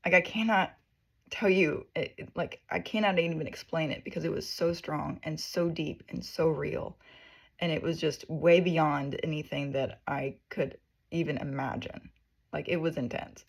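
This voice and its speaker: A woman with a low-pitched voice and a noticeable vocal fry tells her faith story. She talks earnestly and emotionally. Her sentences ramble and are full of fillers. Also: fairly even intonation, moderate pace. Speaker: faith testimony vlogger. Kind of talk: personal spiritual testimony.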